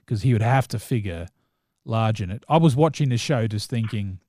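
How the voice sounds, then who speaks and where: A man's voice: lowish voice, animated, moderate pace, dark tone, dry recording. A man with a New Zealand accent, co-hosting a casual chat about films and shows, talking in a rambling, enthusiastic way full of restarts and fillers. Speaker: podcast co-host.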